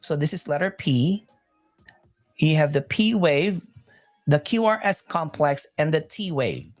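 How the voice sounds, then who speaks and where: A woman's voice: deep voice, animated, a little slow, soft background music. A woman teaching nursing exam material live, repeating points, correcting herself and chatting with viewers.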